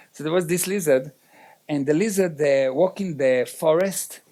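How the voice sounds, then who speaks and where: High-voiced man giving a motivational seminar. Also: unhurried, a little mellow. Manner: direct, checks in with the audience. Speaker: seminar speaker.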